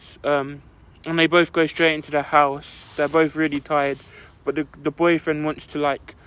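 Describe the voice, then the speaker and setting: A man's voice: fairly high pitch, level tone, normal speed, fairly bright tone, clear, resonant tone. Young man rambling through a story. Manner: rambling, full of "like" fillers. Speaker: podcast co-host telling a story. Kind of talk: casual storytelling chat.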